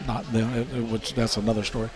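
A man's voice: fairly low pitch, little pitch movement, fast talker. An American man in a casual interview, recounting stories from racing safety work with fillers, restarts and laughter.

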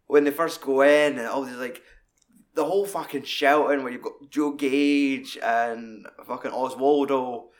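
A man talking casually about a film, swearing freely and acting out quoted lines in loud, high voices. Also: steady tone, a little slow.

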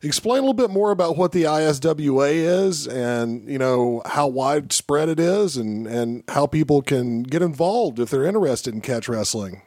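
A man's voice: on the high side, animated, moderate pace, few pauses, a little mellow, no echo, studio quality. Man hosting a casual chat. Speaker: show host.

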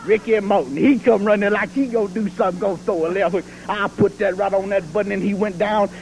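A man's voice: high voice, fairly even intonation, fast, a little mellow, a little hiss or hum, poor audio. A man cutting a boastful, taunting wrestling promo in rhyming, preacher-like brags, heard from an archive TV clip. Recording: archive TV clip with cheering crowd.

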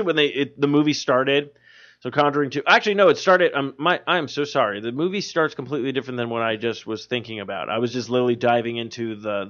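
A man co-hosting a casual podcast, rambling through stories with plenty of swearing and quick put-on voices. His pitch sits in an ordinary middle range. The recording is a bit dull and lo-fi. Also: fairly bright tone. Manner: rambling, profane, puts on silly voices. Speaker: podcast co-host. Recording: dull lo-fi audio.

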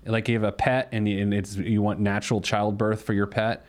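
Hosting a money advice show, a man with a lowish, level voice speaks a little fast. His style is casual radio-show banter: he jokes and rambles, filling his talk with plenty of fillers.

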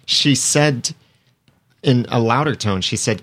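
A man's voice: medium pitch, expressive, unhurried, a bit bright, a little hiss or hum. A man co-hosting a casual podcast chat, recapping scenes in detail. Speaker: podcast co-host.

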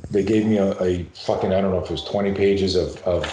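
Low-voiced man telling stories in an echoey room. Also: fast, slight background noise. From Canada. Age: middle-aged. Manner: animated, profane, acts out voices in his anecdotes. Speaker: podcast guest, self-defense and fear expert. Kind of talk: storytelling in a podcast conversation.

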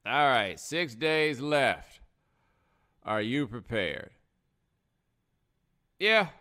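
A man's voice: mid-range voice, drawn-out words. A man hosting a live stream, talking casually in slang and acting out other people's words. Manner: animated, slangy, acts out other people in quotes. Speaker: host.

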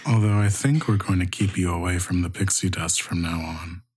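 A man's voice: low-pitched, steady tone, normal speed, breathy edge. A man running a tabletop role-playing game, narrating scenes with many fillers and restarts. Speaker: game master.

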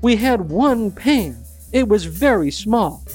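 A man's voice: sits high, animated, takes it slowly, a little mellow, husky, faint music behind, voice pushed up, heavily acted. A man voicing a blunt, thrifty old grandmother who speaks in an emphatic, exasperated way.

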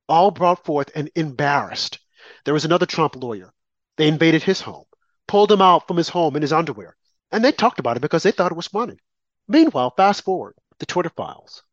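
A man's voice: fairly high pitch, no room sound. A man delivering an opinionated commentary monologue, emphatic and repetitive, with mocking asides. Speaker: political commentator. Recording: dry, slightly muffled lo-fi audio.

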